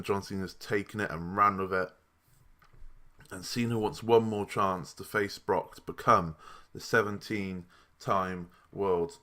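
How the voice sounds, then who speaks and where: A man's voice: fairly low pitch, a bit bright. A young man giving a casual, rambling review of a wrestling show. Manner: chatty and rambling, with restarts and asides.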